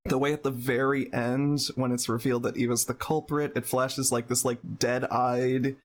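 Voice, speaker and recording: A man's voice: mid-range voice, flat delivery, normal speed. A man co-hosting a casual podcast who talks enthusiastically and rambles, restarting his sentences often. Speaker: podcast co-host.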